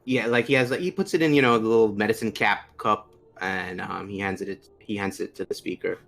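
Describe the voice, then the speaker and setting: A man's voice: on the low side, a little fast, creaky, a bit bright. A man narrating as game master in loose, casual speech full of filler words.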